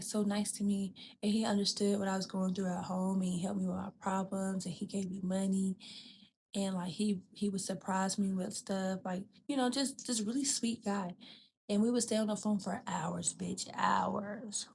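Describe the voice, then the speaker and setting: A woman of middle pitch tells a story plainly and without filters, swearing freely and calling the listener "girl." She slips into lively voices for the people she quotes, and a faint hum sits behind her. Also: normal speed, gravelly. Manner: frank and profane, addresses listener as "girl" and "bitch"; animated, acts out quoted people. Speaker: podcast host. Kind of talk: candid storytelling chat.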